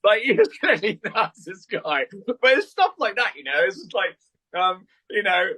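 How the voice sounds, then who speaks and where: A man chatting as a podcast guest, telling rambling, animated stories with the odd swear word. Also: sits high, moderate pace, slightly rough. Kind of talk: casual chat.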